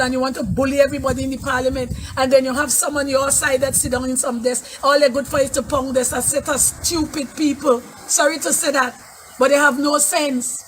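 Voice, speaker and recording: A woman's voice: high voice, a little hiss or hum. A woman with a Trinidadian accent calling in to a talk show, scolding and indignant. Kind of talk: angry call-in rant.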